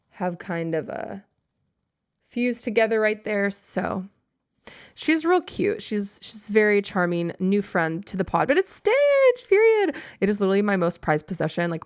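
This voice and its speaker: A woman's voice: mid-range voice, clear, resonant tone. Bubbly young woman podcast host. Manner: bubbly, gushing, heavy use of "like". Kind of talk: casual chat.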